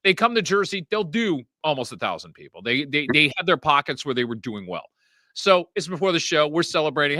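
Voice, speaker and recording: A man's voice: a little high, fairly quick, dry recording. A man hosting a podcast from a studio, chatting casually and telling stories with laughter. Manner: lively, laughing storyteller. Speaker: podcast host. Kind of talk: casual interview chat.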